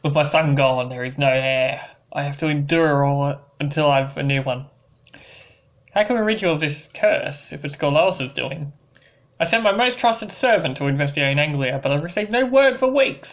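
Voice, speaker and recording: A gamer reading a stern old lord's lines aloud in a lowered, gruff voice while playing. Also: lively intonation, moderate pace, muffled recording, close to an everyday voice. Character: gruff old northern lord, weary and stern.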